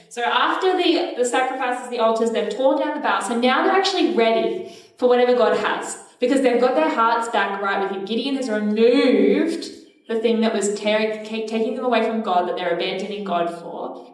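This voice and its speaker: A woman's voice: medium pitch, distant mic. Chatty woman teaching in an echoey hall. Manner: chatty, uses fillers, directs the group. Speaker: children's church teacher. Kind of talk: casual Bible storytelling and group recitation. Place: church hall.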